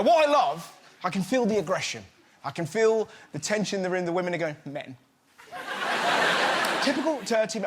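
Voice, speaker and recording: A man doing stand-up as host, animated and mock-outraged, shouting his punchlines. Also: high voice, heavy background noise. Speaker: comedian host. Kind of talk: stand-up comedy. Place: TV studio with live audience. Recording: loud studio audience laughter.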